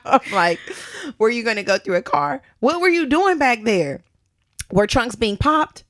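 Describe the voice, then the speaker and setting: A woman co-hosting a podcast, telling a story in a dramatic, animated way. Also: on the high side, a little slow. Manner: animated, dramatic retelling with bursts of laughter. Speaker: podcast co-host. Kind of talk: casual storytelling chat.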